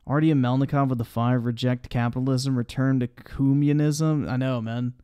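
A man's voice: medium pitch, steady tone, normal speed, dark tone, smooth, no echo. A man commenting on a video during a live stream, mocking it sarcastically with heavy swearing and reading viewer chat aloud.

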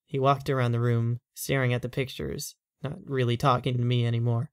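A storyteller reading a horror story aloud in a measured, steady way. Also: medium pitch, clean tone, no room sound, studio quality.

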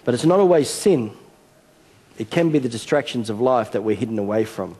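Pastor preaching in a reverberant church hall. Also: male voice, medium pitch, brisk, breathy edge. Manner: animated storytelling, acting out a child's game. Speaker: senior pastor. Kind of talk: sermon.

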